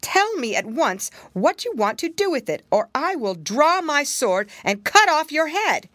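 A woman's voice: high voice, big pitch swings, moderate pace, no echo, clean studio sound, voice pushed up, full character voice. A woman doing a brash, hearty young soldier. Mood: forceful. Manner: loud, hearty exclamations. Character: bold young male soldier, cheeky and brash. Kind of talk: storybook reading.

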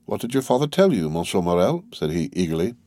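A man's voice: fairly low pitch, fairly quick, a little mellow, dry recording, close to an everyday voice. An earnest young man presses his point with sincere urgency, voiced by a male audiobook reader. The sound is dry and close. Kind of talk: audiobook character reading.

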